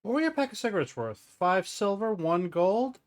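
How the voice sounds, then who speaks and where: A man's voice: high-pitched, very animated, normal speed, voice pushed up. A man putting on a drawling Southern shopkeeper. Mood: cheerful. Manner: drawling, folksy salesman patter. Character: gruff Southern male tobacco shopkeeper, folksy. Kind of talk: tabletop role-play.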